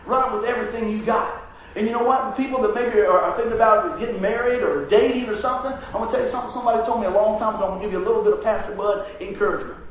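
A man preaching a sermon as pastor, telling a hospital story in an animated way and acting out the voices. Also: high voice, slight background noise. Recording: echoey room from a distance.

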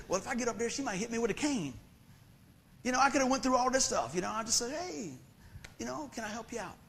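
A man's voice: sits high, fairly bright tone, slight background noise. A middle-aged preacher man, preaching a sermon in a folksy, conversational storytelling way.

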